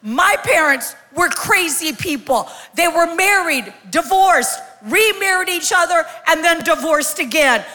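A woman in her sixties giving a lively, joking live sermon as a guest speaker, calling out to the congregation in a large church. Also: very high-pitched. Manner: lively, joking, calls out to the crowd. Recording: long hall reverb from a live church.

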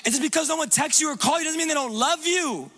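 A man preaching a sermon as pastor, impassioned and repetitive, swinging between loud urging and hushed low passages. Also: fast.

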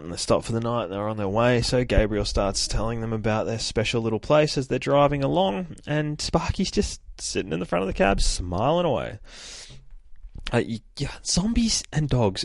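A man's voice: medium pitch, lively intonation, moderate pace, vocal fry, no room sound. A man hosting a podcast, chatting casually about a comic, swearing freely and acting out characters' lines. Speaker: podcast host reviewing a comic. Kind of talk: casual chat. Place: home, rain heard outside.

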